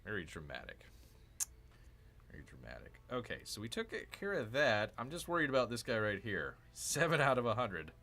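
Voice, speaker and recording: A man's voice: mid-range voice, very animated, fairly quick, hardly any pauses, pushed and bright. A man hosting a gaming channel, casually talking himself through a strategy game, cheering and groaning at each move.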